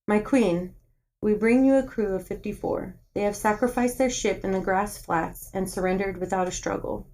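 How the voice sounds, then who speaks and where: A woman's voice: mid-range voice, normal speed, warm tone, close to an everyday voice, poor audio. A woman reading as a dutiful crew leader. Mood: formal.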